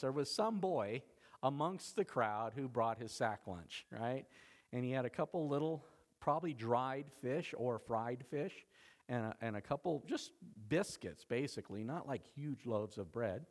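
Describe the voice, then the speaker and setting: A man preaching a sermon as pastor, animated and conversational, often laughing. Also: medium pitch, moderate pace.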